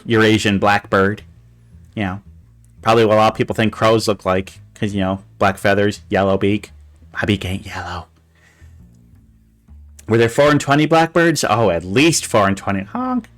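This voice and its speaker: A man's voice: fairly low pitch, normal speed, long pauses, a bit bright, soft background music. A man hosting a casual livestream chat show, rambling with fillers and restarts and cooing with delight over pictures. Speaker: talk show host.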